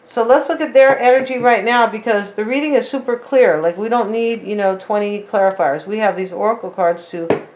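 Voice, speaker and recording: A woman's voice: mid-range voice, brisk, darkish tone, a little hiss or hum. A woman giving a casual tarot reading, chatting straight to her viewers and tagging her lines with "right?" and "like". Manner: talks straight to viewers as "you guys". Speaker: tarot reader.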